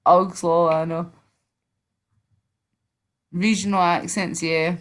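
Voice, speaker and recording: A woman's voice: lowish voice, normal speed. A woman with a Glasgow accent hosting a casual stream, chatting in a rambling way and swearing a lot. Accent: Scottish, Glasgow. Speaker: streamer host.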